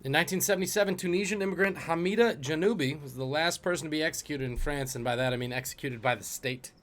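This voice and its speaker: A man's voice: on the high side, fast, a bit bright. A man hosting a live-streamed trivia game, joking and chatting with viewers between questions.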